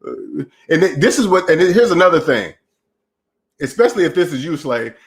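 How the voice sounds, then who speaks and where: Male streamer host, high-ish voice, preachy mocking rant, tail end of a cold. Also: sing-song, moderate pace. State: getting over a cold. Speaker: channel host. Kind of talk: livestream rant reading chat.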